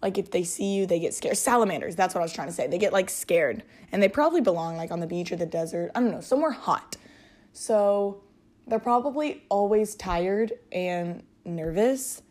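A woman's voice: medium pitch, lively intonation, moderate pace, darkish tone. A woman hosting a casual solo podcast, rambling and giggling, with lots of filler words. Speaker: podcast host.

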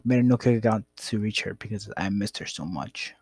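A man's voice: fairly low pitch, brisk, a little mellow, slightly rough, no echo. A young man casually telling a rambling, profane story about his past. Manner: rambling, profane, laid-back.

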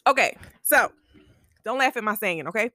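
A woman's voice: on the high side, lively intonation, fairly quick, bright, forceful tone, no echo, studio quality. A young woman hosting her own podcast, chatting playfully and then giving earnest, heartfelt advice. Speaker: podcast host. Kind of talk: casual storytelling talk.

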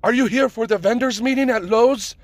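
A man voicing an indignant male stranger in a parking lot, with a clumsy put-on foreign accent and a high, strained, insistent way of speaking. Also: a little fast, dry recording, clean studio sound.

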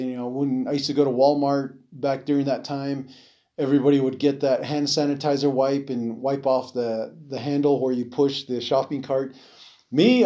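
A man's voice: mid-range voice, dark tone. A man hosting a solo podcast, talking casually and rambling with many fillers, restarts and some swearing. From Navajo reservation. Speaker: podcast host.

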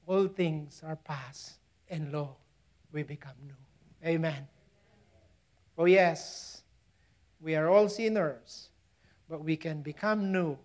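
A woman from the Philippines with a Filipino accent preaching a sermon, swinging from loud emphasis down to hushed near-whispers and chuckling at her own asides. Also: on the low side.

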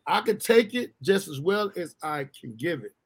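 A man chats on a comedy podcast. His voice sits high and sounds bright and forceful. He swears freely and slips into little acted scenes as he talks. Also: big pitch swings, normal speed, breathy edge. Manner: loud, profane, acts out scenes in funny voices. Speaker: podcast co-host. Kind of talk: casual comedic chat.

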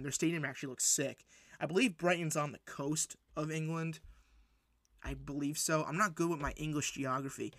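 A man hosting a solo sports podcast, recapping matches in an excitable, rambling way with lots of fillers and restarts. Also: a little high, no echo, studio quality. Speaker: podcast host.

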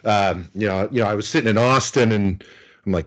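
A man's voice: fairly low pitch, lively intonation, a little fast. A middle-aged American man, a guest in an interview, telling stories casually with lots of fillers. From United States. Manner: chatty, anecdotal, many fillers.

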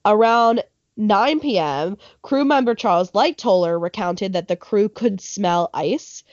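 A woman's voice: medium pitch, expressive, measured pace, darkish tone, no room sound. A woman telling a history story in a casual podcast chat, with lots of ums and likes, and correcting herself as she goes. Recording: dull lo-fi sound.

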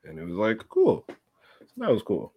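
A young man co-hosts a laid-back podcast and tells his stories with a lively, swinging pitch. He keeps acting out the people he met and laughs between lines. The sound is close and dry, with no room around him. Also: fairly quick, breathy edge, no echo. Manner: animated storyteller, acts out voices, laughs often. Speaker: podcast co-host. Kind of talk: casual chat, storytelling.

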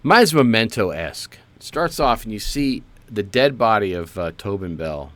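A man co-hosting a podcast, telling playful deadpan stories in casual comedic chat. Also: fairly low pitch, normal speed. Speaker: podcast co-host.

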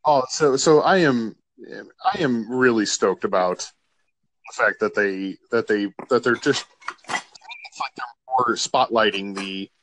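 A man's voice: mid-range voice, takes it slowly, a bit bright, dry recording, poor audio. A man joining a casual chat as a guest, talking enthusiastically and agreeably.

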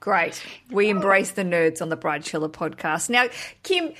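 Chatty lower-voiced woman hosting a podcast. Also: expressive, moderate pace, a bit bright. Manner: playful, chatty, laughs easily. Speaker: podcast host. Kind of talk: casual interview chat.

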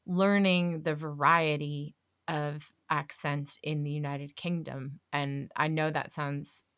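A low-pitched American woman from California talks fast and brightly as a podcast guest, full of restarts and little laughs. Her voice is recorded close and dry, with no room sound. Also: clean tone, no room sound. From California, USA. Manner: quick, animated talker with frequent restarts and laughs. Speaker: guest, actor and voiceover artist. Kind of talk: casual podcast chat.

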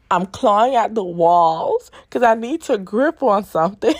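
A woman's voice: lowish voice, dry recording. A woman hosting her own podcast and telling a story in a frank, profane, casual way, laughing often. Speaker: podcast host and sex coach.

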